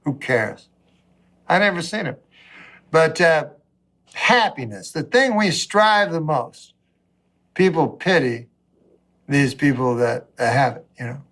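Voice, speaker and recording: A man doing a stand-up comedy set, rambling and meandering, with long pauses and frequent self-interruptions. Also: a little high, lively intonation, a bit bright.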